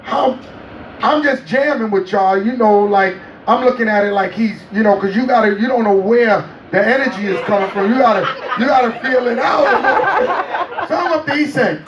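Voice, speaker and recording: A man as an interview guest, telling a story in a casual, animated way, laughing and acting out quotes. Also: very high-pitched, moderate pace, dull audio. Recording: roomy, distant mic, faint noise.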